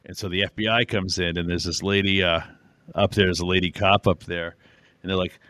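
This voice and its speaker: A young man tells a story on a podcast in a lively, joking manner. His voice is bright and forward, recorded dry and close. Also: deep voice, fairly quick, clear, resonant tone, no room sound. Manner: animated storyteller, chuckles between lines. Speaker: podcast co-host. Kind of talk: casual chat.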